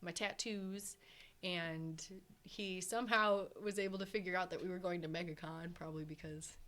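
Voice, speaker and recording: A woman's voice: on the low side, fairly even intonation, normal speed, fairly bright tone. A woman co-hosting a podcast, telling a story in casual chat with a lot of filler words. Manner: chatty, lots of "like" and "um" fillers. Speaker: podcast co-host.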